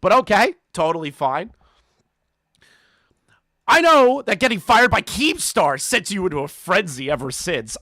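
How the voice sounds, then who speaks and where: A man's voice: high voice, very animated, measured pace, pauses often, sharp tone, dry recording. A man hosting a commentary channel, ranting in a profane, mocking way and laughing between jabs.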